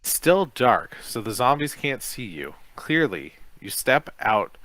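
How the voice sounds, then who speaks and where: A man's voice: medium pitch, very animated, slow pace, fairly bright tone, dry recording, poor audio. A male podcast co-host reading a children's gamebook aloud in a casual way, sometimes stumbling over words.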